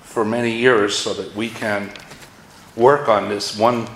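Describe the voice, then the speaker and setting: A man's voice: fairly low pitch, fairly even intonation, unhurried, fairly bright tone, slight background noise. A man with a Massachusetts accent preaching a sermon in an earnest manner, his voice lifting in force when he reads scripture aloud. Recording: roomy echo.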